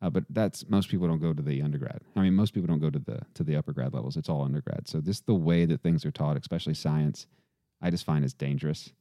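A man's voice: a bass voice, fast talker, dark tone, no room sound, studio quality. A man with a faint Southern accent, a podcast guest talking in a loose, rambling way with many fillers and restarts. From southern United States. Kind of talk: casual conversation.

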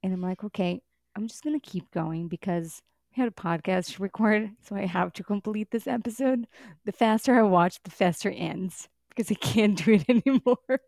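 A woman co-hosting a podcast in casual chat, animated and exasperated, swearing now and then and laughing as she talks. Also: mid-range voice, moderate pace, creaky, dry recording, clean studio sound. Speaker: podcast co-host.

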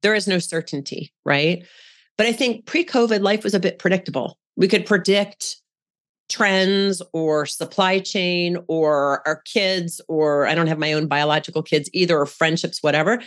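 Lowish-voiced woman on a podcast, plain-spoken, coaching listeners. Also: normal speed. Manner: frank, down-to-earth, coaching tone. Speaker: podcast guest. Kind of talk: casual podcast conversation.

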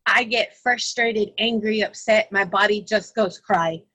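A woman in a casual group podcast, explaining her views in an animated way and giggling often. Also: mid-range voice, measured pace, no echo, poor audio.

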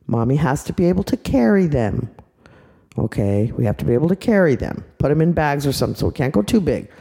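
A patient mother coaxes her children along in a calm, encouraging way, as a grandmother reads her part. The voice sits low and mellow. It is a bedtime storybook voice. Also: fast, creaky, husky, big-room sound, full character voice. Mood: cautioning. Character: patient, gentle young mother.

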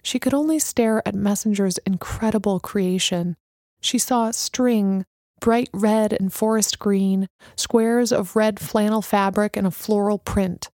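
Warm-voiced woman reading a story. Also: medium pitch, dry recording, studio quality. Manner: steady, measured reading. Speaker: narrator. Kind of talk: scripted audiobook narration.

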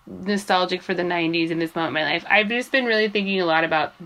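A woman with a bright, tense voice chatting casually. She talks in a bubbly way, giggling and gushing. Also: fairly low pitch, fast. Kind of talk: casual chat.

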